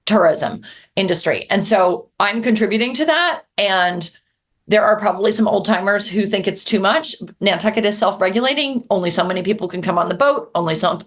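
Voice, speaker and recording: A middle-aged woman author talking candidly and earnestly in a live onstage conversation, with fillers and restarts. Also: medium pitch. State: getting emotional. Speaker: author being interviewed.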